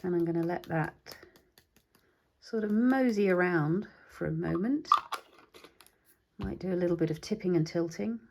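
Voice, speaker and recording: A woman hosting a craft tutorial, chatting casually and thinking aloud as she works, even talking to her supplies. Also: on the low side, moderate pace, creaky, long pauses, background noise. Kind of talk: casual demonstration while crafting.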